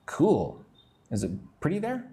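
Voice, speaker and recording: A man teaching an English lesson on a live stream, reading out viewers' comments, answering them casually, and slowly drilling pronunciation. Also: on the high side, huge pitch swings, vocal fry, dark tone, breathy edge. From United States. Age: adult, not young.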